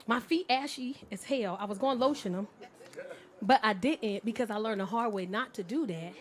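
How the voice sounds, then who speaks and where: A woman performing stand-up comedy, telling brash stories with loud bursts on a comedy club stage. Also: fairly high pitch, normal speed, some chatter behind.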